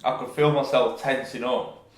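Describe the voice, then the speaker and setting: A young man talks loosely and casually, spinning anecdotes peppered with swearing. His voice sits at a middling pitch. It is recorded in a noticeably echoey room. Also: fairly even intonation, moderate pace. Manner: chatty, swearing anecdote-telling. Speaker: podcast co-host. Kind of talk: casual chat.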